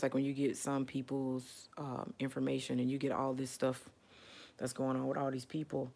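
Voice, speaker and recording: A woman's voice: rumbling low, darkish tone. A woman in casual talk to her viewers, rambling and repeating herself, leaning on "you know" and "like". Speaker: self-described spiritual advisor. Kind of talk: casual storytelling to camera.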